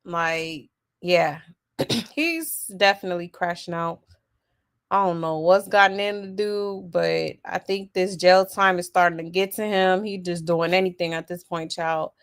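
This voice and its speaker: Brief: woman gossip host, drawling and unhurried, sassy asides, exasperated tone. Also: lowish voice, steady tone, smooth. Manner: reads out viewer comments with laughs. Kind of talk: casual gossip commentary.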